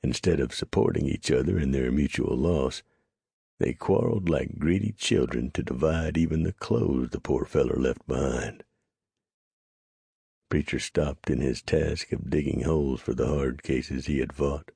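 A man narrating a western audiobook in a steady, measured storytelling manner. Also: very deep voice, gravelly, husky, no room sound, studio quality.

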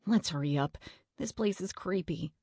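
A woman's voice: lowish voice, normal speed, warm tone, slightly rough, dry recording, clean studio sound. A woman voicing a nervous, wisecracking young boy who whispers and stammers in a children's storybook.

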